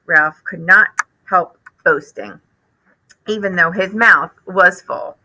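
A woman teacher reading a children's chapter book aloud in an expressive, animated way. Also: lowish voice, takes it slowly, low-quality recording.

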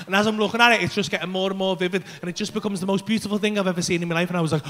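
High, bright-voiced stand-up comic. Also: male voice, racing, hardly any pauses. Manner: animated, swearing, acts out voices and panic. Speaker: stand-up comedian. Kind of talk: stand-up storytelling. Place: comedy club stage. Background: audience laughter.

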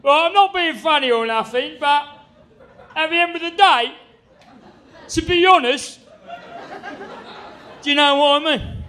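A man's voice: very high voice, unhurried, pauses often, voice pushed up, exaggerated voice. A man voicing a rambling London bloke with a London accent, stringing together empty filler phrases. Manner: rambling, emphatic, shouted bits.

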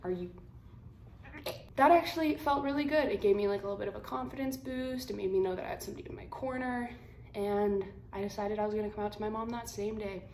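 A twenty-year-old woman vlogging, telling a story to camera in a blunt, slangy, animated way. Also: mid-range voice, fast. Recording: roomy echo, faint room hum.

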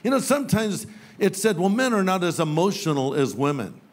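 Older male pastor preaching, light and funny, voice a touch high. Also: sing-song, a little fast. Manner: humorous storytelling with playful quoted voices. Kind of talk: sermon. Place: church sanctuary with live audience.

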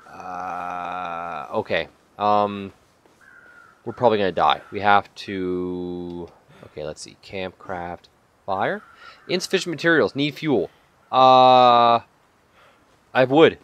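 A man giving let's-play commentary at an unhurried pace, his pitch swinging widely as he jumps from mumbling over menus to excited yelps. He swears freely and talks to himself as he plays. The sound is dry and close, with almost no room echo. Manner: chatty, swears a lot, bursts into excited yelps. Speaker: gaming channel host.

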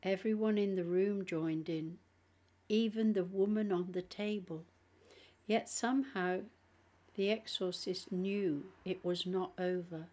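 A woman with a cold reads an audiobook aloud, slowly and deliberately, with a cough now and then. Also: on the low side, steady tone, darkish tone. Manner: slow, deliberate reading. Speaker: audiobook narrator. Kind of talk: audiobook reading.

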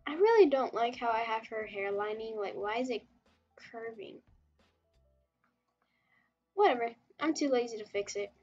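A woman's voice: fairly high pitch, sing-song, normal speed, pauses often, a little mellow, muffled recording, soft background music. A woman streaming while she draws, chatting casually and rambling as she reacts to chat, with frequent giggles. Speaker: webtoon artist streamer.

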